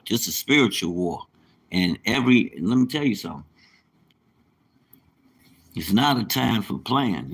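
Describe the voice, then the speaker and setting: A man's voice: on the low side, rough recording. Rambling, emphatic man on a livestream. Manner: rambling, emphatic, preachy at times. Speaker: livestream host, mobile mechanic. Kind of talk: casual livestream monologue.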